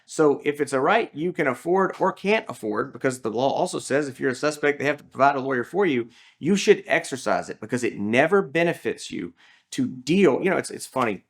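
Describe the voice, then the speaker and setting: A man's voice: mid-range voice, animated, a little fast. A man, a lawyer talking through legal advice in a casual, storytelling way with many fillers and restarts.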